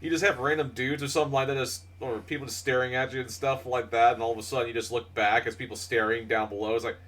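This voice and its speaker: A man's voice: mid-range voice, little pitch movement, fast, a bit bright, far from the mic. A man co-hosting a podcast in casual chat, rambling and laughing, swearing freely. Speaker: podcast co-host.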